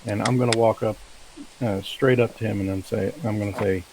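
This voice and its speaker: A man's voice: on the low side, steady tone, fairly quick, darkish tone, a little hiss or hum, low-quality recording. A man as a player, hesitantly describing what his character does. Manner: hesitant, lots of fillers.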